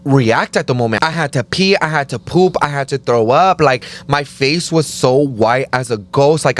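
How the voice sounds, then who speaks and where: A man in casual conversation, telling a story in an animated way, full of "like" and acted-out quotes. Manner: animated, acts out quotes in higher voices, says "like" often.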